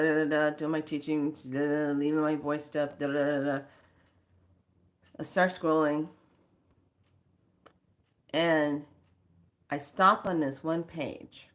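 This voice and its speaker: A woman who teaches spirituality, telling a story casually in a drawn-out way, full of filler phrases. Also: low-pitched, a bit bright.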